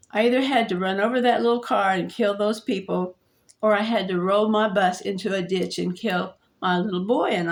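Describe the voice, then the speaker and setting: Woman vlogger, slightly high voice, halting storyteller with restarts and light laughs. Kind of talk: personal storytelling.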